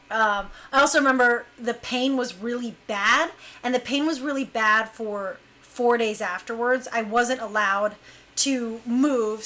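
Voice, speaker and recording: With a slightly high voice, a young adult woman casually recounts a story about her dance crew. She's animated, laughs often, and acts out what the others said.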